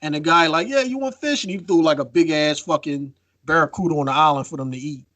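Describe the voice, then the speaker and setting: A man co-hosting a podcast in casual chat, telling a story with lively acted-out quotes and free swearing. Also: a little high, quick pace, no echo. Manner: animated storytelling, acts out quotes, swears freely. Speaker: podcast co-host.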